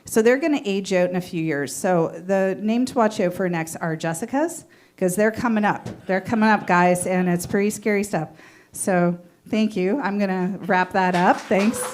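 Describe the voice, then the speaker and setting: A woman's voice: mid-range voice, normal speed, darkish tone, slight background noise. Wry woman doing stand-up. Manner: wry, conversational, self-questioning. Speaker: stand-up comedian. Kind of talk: open mic stand-up set. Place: small comedy venue.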